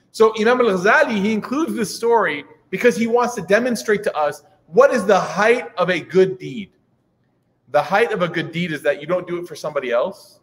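A man's voice: high voice, brisk. A man in his thirties giving a humorous religious talk to an audience, chatty, with joking asides and many fillers. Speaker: preacher. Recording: reverberant hall.

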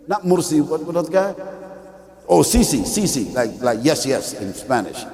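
A man preaching a televised sermon. He swings from low muttering to shouting and keeps asking "right or wrong?". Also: animated, brisk, in a large hall, a crowd in the background. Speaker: Muslim preacher.

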